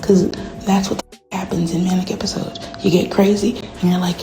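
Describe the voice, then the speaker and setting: A woman in a candid, rambling, profane monologue, often dropping to a hushed whisper. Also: fairly low pitch, flat delivery, fairly quick, gravelly, music in the background. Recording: noisy background.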